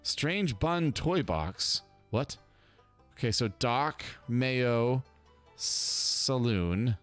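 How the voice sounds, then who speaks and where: Excitable man doing game commentary. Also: mid-range voice, extremely slow, faint music behind. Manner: excitable, chatty, upbeat. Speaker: gaming channel host. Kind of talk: let's play commentary.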